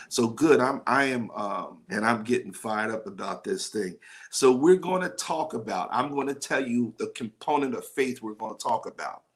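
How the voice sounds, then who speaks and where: A man preaching a live-streamed sermon as pastor, conversational and exhorting, calling on his listeners by name. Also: mid-range voice. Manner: exhorting, conversational, calls on the audience.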